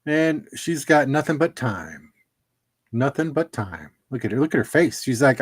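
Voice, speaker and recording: A man's voice: mid-range voice, big pitch swings, normal speed, breathy edge. A middle-aged man hosting a casual livestream, chatting and laughing at his own jokes while opening trading cards.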